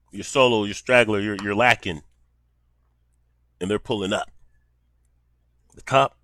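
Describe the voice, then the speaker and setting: A man's voice: fairly low pitch, fairly bright tone, dry recording. A man giving casual commentary in blunt, profane street talk.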